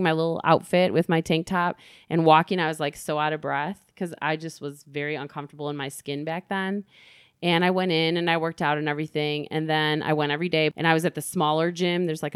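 A woman's voice: deep voice, flat delivery, fast, clean tone, no echo, clean studio sound. A middle-aged woman, a guest in an interview, speaking candidly and openly about her own life. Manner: candid, open, swearing freely.

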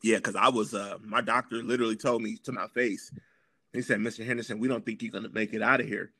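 A man talking as a podcast guest, telling a story in a casual, slangy, animated way and clearing his throat now and then. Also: fairly low pitch, fast, no room sound, clean studio sound.

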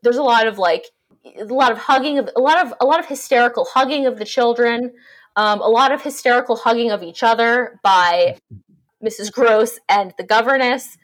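A podcast co-host casually sums up a story in a book discussion chat, irreverent and swearing freely as she jokes. Her voice is on the high side at a normal speed.

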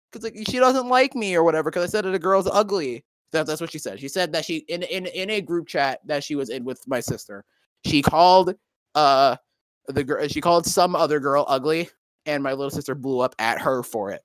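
A man's voice: fairly high pitch, a little fast, no room sound. Young guy rambling thru a story, swears a lot, dead dry mic. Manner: rambling, profane, many fillers and restarts. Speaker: co-host. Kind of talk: casual storytelling chat.

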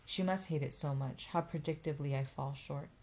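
A woman narrating a first-person novel as an audiobook, in a steady, even reading voice. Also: low-pitched, normal speed.

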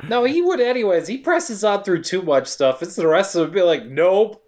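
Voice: mid-range voice, expressive, moderate pace, darkish tone. A co-host recapping a film scene by scene in casual chat, sarcastic and playful, acting out characters' lines. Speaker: podcast co-host. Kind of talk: casual movie recap narration.

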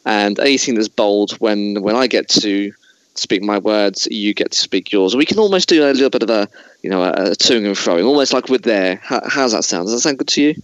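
A man's voice: lowish voice, animated, a little fast, no room sound, lo-fi sound. A man hosting a casual chat, talking in a digressive way with many restarts. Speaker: podcast host.

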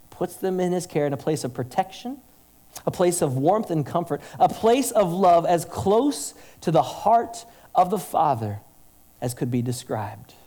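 A man's voice: fairly high pitch, mellow. A man preaching a sermon as pastor, earnest and emphatic, leaning on rhetorical questions.

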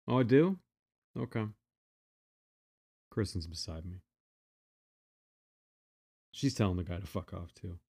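A man's voice: low voice, vocal fry, darkish tone, breathy edge. A man telling a personal story in a casual, blunt, profane way, often restarting his sentences.

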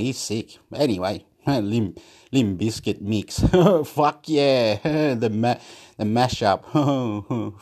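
A man's voice: medium pitch, a little mellow. A man rambling late at night while smoking, laughing a lot and swearing. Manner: laughing often, swearing, nonsense scatting and vocal percussion. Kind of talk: late-night solo recording, rambling and beatboxing.

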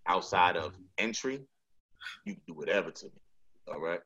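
A man co-hosting a podcast in casual banter, an animated storyteller who laughs a lot and acts out the lines he quotes. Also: sits low, normal speed. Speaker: podcast co-host. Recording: dull lo-fi sound.

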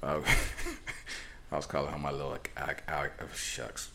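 A man's voice: extremely low pitch, moderate pace, a little hiss or hum. A man in his forties telling rambling stories on a podcast, acting out the people in them. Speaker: podcast co-host. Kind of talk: casual storytelling chat.

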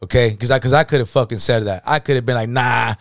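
A man's voice: mid-range voice, fast talker, no room sound, clean studio sound. A man co-hosting a casual podcast, telling a story in heavy slang and acting out the quoted dialogue. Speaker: podcast co-host.

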